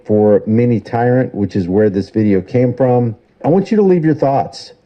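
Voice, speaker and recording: A man's voice: mid-range voice, expressive, normal speed, dull audio. A man giving casual commentary in a rhetorical, argumentative way.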